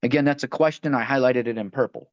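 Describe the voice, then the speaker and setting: A man's voice: mid-range voice, quick pace, no room sound. A man leading a line-by-line recovery book study, talking conversationally and often restarting phrases as he reads passages aloud. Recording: dull, dry lo-fi audio.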